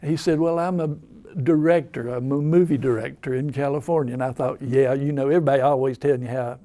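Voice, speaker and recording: A man's voice: mid-range voice, steady tone, fast, warm tone. An older man with an Appalachian accent, telling rambling, folksy stories in casual talk. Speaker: storyteller. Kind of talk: casual storytelling.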